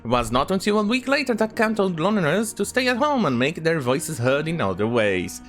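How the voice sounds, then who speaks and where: A man's voice: on the high side, very animated, brisk, a bit bright, faint music behind. A man hosting a commentary channel, reading news quotes aloud and breaking in with sarcastic asides.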